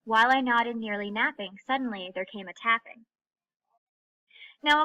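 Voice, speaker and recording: A woman teacher giving a recorded English lesson, explaining terms clearly and slowing down to read examples. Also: fairly high pitch, pushed and bright, low-quality recording. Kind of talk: recorded classroom lecture.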